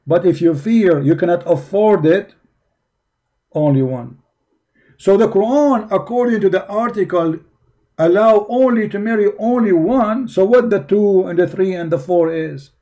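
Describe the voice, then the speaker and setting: Mocking man with a dark voice. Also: sits high, animated, measured pace. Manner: mocking, emphatic, repeats rhetorical questions. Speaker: religion critic presenting. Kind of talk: commentary on articles.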